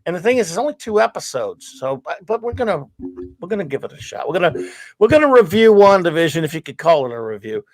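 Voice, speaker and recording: A man's voice: a little high, big pitch swings, fast, a little mellow, no room sound. A man hosting a casual live show, rambling and joking at his own expense. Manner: rambling, self-deprecating joker. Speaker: host. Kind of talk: casual livestream chat.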